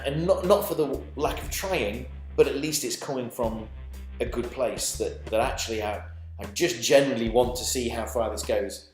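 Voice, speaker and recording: Ranting man in his forties. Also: mid-range voice. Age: 40s. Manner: swearing, stammering restarts, heated and sarcastic. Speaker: vlogger. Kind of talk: angry ranting monologue. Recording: echoey room with faint music.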